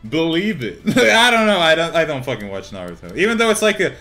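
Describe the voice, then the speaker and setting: A young man giving excited gameplay commentary as a card-game YouTuber, swinging between loud hype yells and muttered thinking aloud, swearing casually and laughing often. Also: on the high side, fast, soft background music. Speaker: gaming YouTuber.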